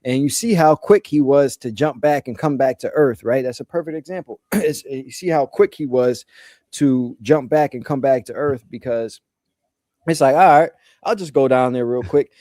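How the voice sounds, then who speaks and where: A man's voice: mid-range voice, moderate pace, warm tone, no echo. Earnest man, dry close sound. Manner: earnest, advising, repeats his points. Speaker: host. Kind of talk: casual spiritual discussion.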